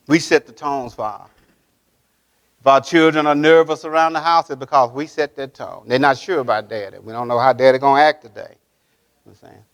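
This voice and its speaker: High-voiced man preaching a sermon. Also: a bit bright. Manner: preaching with call-and-response questions to the congregation; emphatic, repeating key phrases. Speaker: pastor. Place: church sanctuary.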